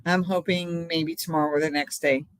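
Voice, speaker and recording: A woman's voice: low voice, fairly even intonation, moderate pace, no echo. Rambling older woman chatting on a livestream. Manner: rambling and chatty, laughs often. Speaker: live stream host. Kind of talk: casual live stream chat.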